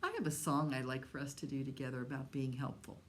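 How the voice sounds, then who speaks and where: A woman hosting a library storytime, talking slowly and gently to young children as she tells fables. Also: rumbling low, a little hiss or hum. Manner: slow, gentle and animated, talking to young kids. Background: autoharp she plays before the story.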